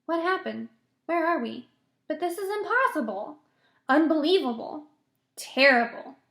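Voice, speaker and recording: A woman doing a well-mannered nervous ladybug, fretful, high voice, echoey room. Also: animated, unhurried, fairly bright tone, full character voice. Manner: polite, fretful. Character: polite anxious female ladybug.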